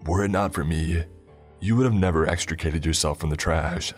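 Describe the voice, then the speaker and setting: Brief: man doing a cruel unseen prophet, very deep, cold, mocking, garbled. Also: moderate pace, slightly rough, soft background music. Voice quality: garbled, distorted. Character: cold disembodied male cult prophet, cruel, commanding.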